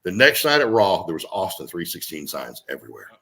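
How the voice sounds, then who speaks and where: A man tells stories in a lively, bouncing voice that swings widely up and down in pitch. His tone is bright and forward, and he rambles casually through them with many fillers as an interview guest. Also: fairly quick. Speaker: guest, former pro wrestler.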